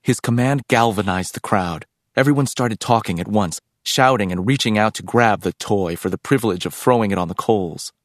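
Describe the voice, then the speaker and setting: Audiobook: deep-voiced man narrating in a measured, reflective way, dry close sound. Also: no echo.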